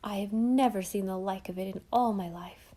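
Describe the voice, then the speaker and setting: A woman voicing a brisk, devoted elderly housekeeper who talks bluntly with old-fashioned sayings. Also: mid-range voice, mellow, natural voice. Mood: emphatic.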